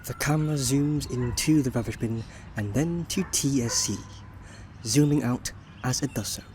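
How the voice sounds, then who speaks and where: A man reads scene directions and headings in a dry, matter-of-fact tone, at a mid pitch for a man. A faint hum of ambience sits under his voice. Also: normal speed, a little mellow. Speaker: narrator reading a screenplay. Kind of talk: scripted narration of scene directions.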